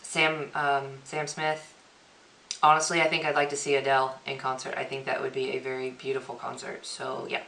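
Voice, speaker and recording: A woman's voice: a bass voice, completely flat delivery, moderate pace, fairly bright tone, a little hiss or hum. A young woman vlogger chatting through a question-and-answer tag video, reading each question aloud and answering offhand. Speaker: beauty vlogger. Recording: echoey room.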